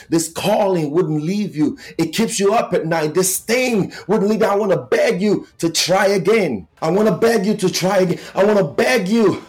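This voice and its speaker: Guy preaching a motivational sermon, highish voice, keeps repeating himself and pleading. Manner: pleading, repetitive, building emphasis.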